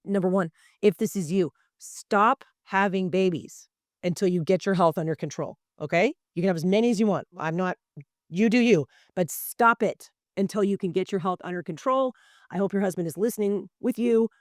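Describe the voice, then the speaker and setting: A woman's voice: mid-range voice, moderate pace, dry recording, clean studio sound. A woman co-hosting a health podcast in a casual, earnest way, speaking straight to her listeners. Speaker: podcast co-host.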